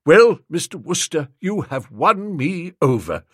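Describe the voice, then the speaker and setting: Male reader doing an old storybook lord, higher pitched, slow and doddery, sentimental. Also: very animated, fairly bright tone, husky, no room sound, studio quality, full character voice. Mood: moved.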